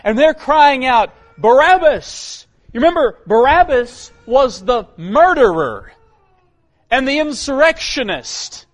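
Male preacher, high voice, dynamic sermon delivery with loud peaks and hushed lows. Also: big pitch swings, unhurried. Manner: dynamic, swinging from loud emphatic calls to low quiet lines.

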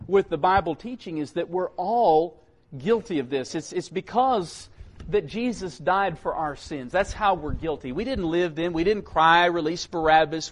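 Male preacher, high voice, dynamic sermon delivery with loud peaks and hushed lows. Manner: dynamic, swinging from loud emphatic calls to low quiet lines.

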